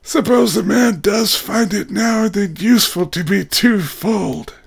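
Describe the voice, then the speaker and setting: A man's voice: high voice, measured pace, gravelly, breathy edge, pitched above the performer's own voice, heavily acted. A man voicing a mocking, unhinged young man who harbors an old sorcerer, in an audiobook reading. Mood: sneering. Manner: sneering, ironic bravado turning to frantic shouting.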